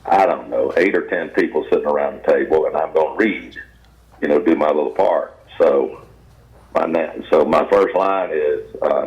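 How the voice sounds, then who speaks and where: The voice is extremely low and moderately paced: an older man from the US South, guesting as an actor, telling meandering, homespun stories in an interview. It comes across as dull, lo-fi radio sound.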